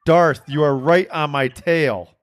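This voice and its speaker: A man's voice: fairly high pitch, slow pace, smooth. A man hosting a podcast in casual chat, telling a rambling, profane story with self-mocking laughs. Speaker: podcast host.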